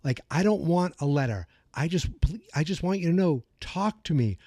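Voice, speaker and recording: A man's voice: fairly high pitch, lively intonation, normal speed, no echo, studio quality, voice pushed up. A man doing an earnest pleading teen boy. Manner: pleading, repetitive, softer.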